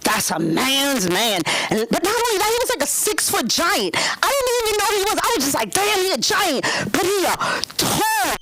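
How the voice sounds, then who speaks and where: Woman stand-up, 30s, brash and profane, high-pitched and bouncy, club mic with a faint hiss. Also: a bit bright, low-quality recording. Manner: brash, profane, swings into high squealing voices for quoted people. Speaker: stand-up comedian. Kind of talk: stand-up set at an open mic. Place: comedy club stage.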